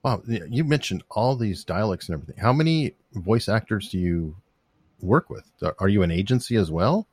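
Low-voiced man asking curious questions. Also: animated, brisk, husky, no room sound, clean studio sound. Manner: curious, long winding questions. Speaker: interviewer. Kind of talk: conversational interview.

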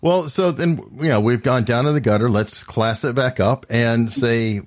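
A man's voice: medium pitch, normal speed, no room sound. An American man hosting a podcast, chatting casually and slipping in wry jokes. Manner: jokey, wry asides. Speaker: podcast host.

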